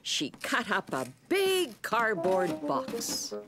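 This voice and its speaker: Woman narrator, gentle, storybook style, lively pitch, music behind. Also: slow.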